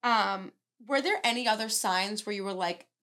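A woman's voice: medium pitch, moderate pace, background noise. A woman hosts a podcast in a casual chat. She talks in a gushing, effusive way. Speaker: podcast host.

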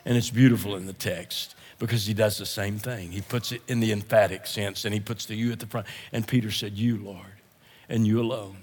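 Guy preaching a sermon, husky, keeps clearing his throat, loud then quiet, long church reverb. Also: fairly low pitch, steady tone, brisk, few pauses. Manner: emphatic, repeats phrases, swings from loud to hushed. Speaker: guest preacher.

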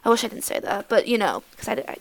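A woman's voice: a little high, animated, fast talker, creaky, a little hiss or hum. A young woman hosting a podcast, telling a story in a blunt, profane, rambling way. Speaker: podcast host. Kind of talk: casual storytelling monologue.

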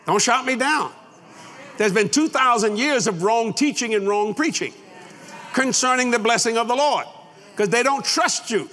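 Folksy preacher guy, high sharp voice, big echoey church hall. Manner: folksy and boastful, laughing at his own lines. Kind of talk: sermon. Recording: long hall reverb.

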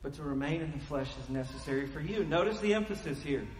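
A man preaching a sermon as pastor, animated and emphatic, speaking to his congregation in a church. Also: a little high, fast. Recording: echoey hall reverb.

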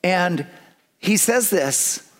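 Conversational male pastor with a high voice. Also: animated. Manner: earnest and conversational, with quickened asides. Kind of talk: sermon.

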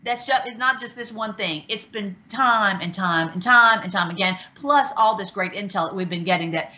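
A woman hosting an online show, talking casually and excitedly, with many restarts and fillers. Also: medium pitch, normal speed. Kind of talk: casual talk commentary. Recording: dull lo-fi sound.

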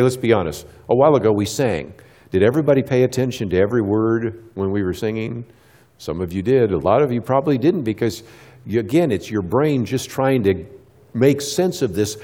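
A man's voice: mid-range voice, mellow, in a large hall. A middle-aged man giving a church talk to a live audience, asking them questions and answering them himself, and acting out little exchanges with kids. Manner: acts out quick little dialogues with kids. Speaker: Christian speaker.

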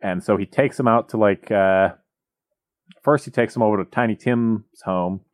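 A man's voice: on the low side, normal speed. A man telling a story in casual, joking podcast chat, rambling with comic asides.

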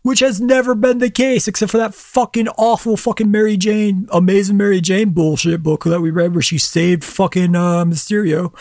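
A man's voice: high-pitched, fairly even intonation, moderate pace, hardly any pauses, a little mellow, no room sound, studio quality. A young man co-hosting a casual book review chat, ranting with heavy profanity and exasperation. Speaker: podcast co-host.

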